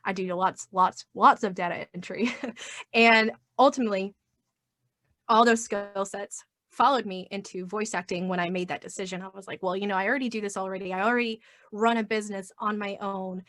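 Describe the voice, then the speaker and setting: A woman's voice: medium pitch, fairly even intonation, a little fast, a bit bright, dry recording, clean studio sound. A woman talking as a guest in a casual interview, upbeat and chatty, often acting out what she or others would say. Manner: upbeat, acts out quoted voices. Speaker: podcast guest.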